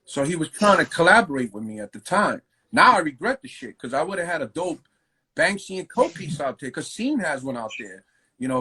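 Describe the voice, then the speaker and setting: A graffiti writer telling stories in a loose, profane, slang-heavy way during a casual interview. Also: male voice, on the high side, sharp tone, slightly rough, low-quality recording. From New York.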